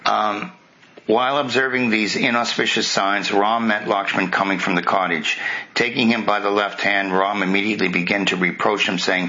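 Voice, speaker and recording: A man's voice: lowish voice, fairly even intonation, moderate pace, bright, forceful tone. A man retelling a sacred epic as a spiritual teacher, talking conversationally and turning aside to question his listeners. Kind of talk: retelling scripture with commentary. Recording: muffled lo-fi recording, faint hiss.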